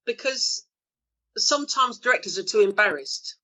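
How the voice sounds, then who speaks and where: A woman's voice: mid-range voice, expressive, moderate pace, bright, forceful tone, low-quality recording. A woman in her fifties, an actress guest, telling bawdy anecdotes in a chatty, laughing way during a casual interview.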